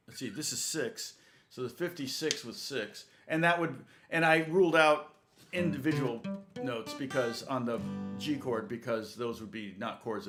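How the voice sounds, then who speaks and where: This man's medium-pitched voice has a slightly bright quality as he chats his way through a live-streamed guitar lesson. He rambles, laughs often, and calls out viewers by name, with guitar audible behind him.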